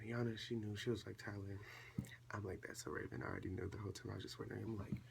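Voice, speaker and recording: A seventeen-year-old young man, a vlogger telling a casual storytime at home and acting out quoted dialogue in a chatty, animated way. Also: on the low side, gravelly, a little hiss or hum. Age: late teens.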